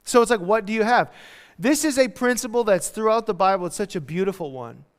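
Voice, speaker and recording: Man, pastor, high voice, casual animated sermon, reverberant church. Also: brisk, clean tone. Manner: casual, animated preaching with acted-out quotes. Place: church hall.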